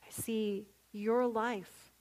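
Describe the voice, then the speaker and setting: A woman preaching a sermon, telling personal stories, laughing often and dropping to a near whisper for quiet moments. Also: fairly high pitch, drawn-out words. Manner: storytelling, animated, laughs often, drops to near-whisper for quoted prayers.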